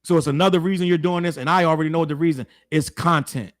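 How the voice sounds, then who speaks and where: A man hosts his own commentary show, talking straight to his audience in a blunt, heated way. His voice sits high for a man. He leans on slang and keeps hammering the same point home. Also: steady tone, fast. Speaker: show host. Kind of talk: opinionated commentary to camera.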